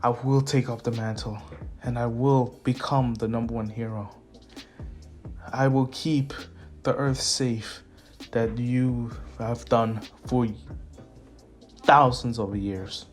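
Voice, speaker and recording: A man's voice: mid-range voice, fairly even intonation, takes it slowly, pauses often, lightly acted. A man voicing a grieving teenage boy who speaks earnestly and solemnly. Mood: determined. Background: faint lo-fi music.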